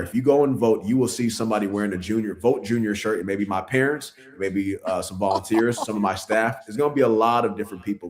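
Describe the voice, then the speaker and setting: A man, a city council member running for office, talking earnestly in a casual interview and laughing at himself. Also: on the low side.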